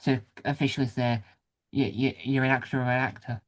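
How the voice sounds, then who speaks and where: A man's voice: medium pitch, fairly even intonation, a little fast. A man hosting a casual interview, asking long, rambling questions and adding short "yeah"s along the way. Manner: chatty, rambling questions, frequent short backchannels. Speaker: interviewer, host.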